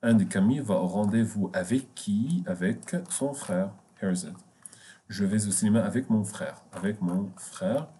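A man teaching a French lesson in English, repeating key words and pausing on fillers as he explains. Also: lowish voice, dark tone. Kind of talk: bilingual language lesson.

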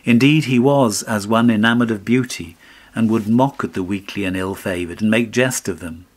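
Low-voiced male storybook narrator. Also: moderate pace. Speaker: audiobook narrator. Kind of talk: scripted fairy-tale narration.

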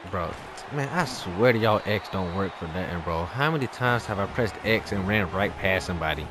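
A man giving live commentary over his own gameplay as a YouTuber, ranting in exasperation and swinging between muttering and shouting. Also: low voice, animated, moderate pace, background noise. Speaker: gaming YouTuber.

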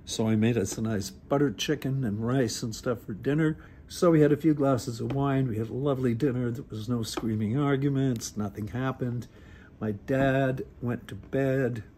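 A man's voice: medium pitch, a little mellow, slight background noise. A middle-aged man, telling a personal story in a casual, wry, self-deprecating way. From Northern Ontario. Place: recorded on a phone. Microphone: phone.

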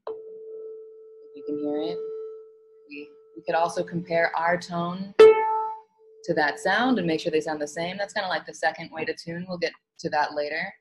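A woman music teacher giving an online lesson, explaining calmly with frequent "um" fillers. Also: on the low side, rough recording. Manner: relaxed explaining with many fillers.

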